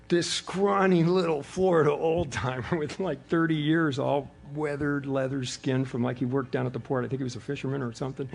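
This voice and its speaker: A middle-aged man speaking at a recovery meeting, telling his story with animated delivery and acting out the voices of the people in it. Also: mid-range voice, a little fast, gravelly, hardly any pauses. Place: hotel meeting room before an audience.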